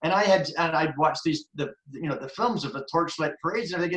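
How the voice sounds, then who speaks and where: A man in his seventies speaks in a group discussion, earnest and rambling as he circles back through his thoughts. He restarts sentences often, and his voice sits a little high for a man. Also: fast, few pauses, fairly bright tone, low-quality recording. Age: 70s. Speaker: forum participant.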